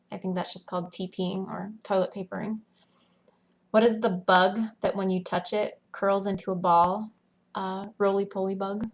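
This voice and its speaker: A woman in her thirties from Washington State with a Western American accent, reading a word list and casually answering accent questions with some hesitant fillers. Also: medium pitch. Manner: plain, unhurried, with hesitant fillers. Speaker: elementary school teacher.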